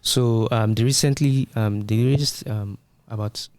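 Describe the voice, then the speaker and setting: Podcast co-host, male, low register, dry close sound, casual explainer. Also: fairly even intonation, unhurried, a little mellow, no room sound. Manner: explanatory, uses everyday analogies. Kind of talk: casual tech discussion.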